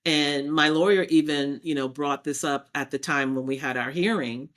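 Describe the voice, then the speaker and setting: Woman telling her story in animated detail. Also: low voice, normal speed. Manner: animated, acts out past exchanges in quotes. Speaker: podcast guest. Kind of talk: personal storytelling in conversation.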